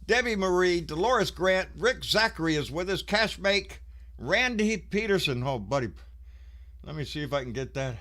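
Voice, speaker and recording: A man's voice: high voice, expressive, moderate pace, a bit bright. A man, out of breath, hosting a casual live stream and greeting viewers in a folksy, swearing way. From Texas.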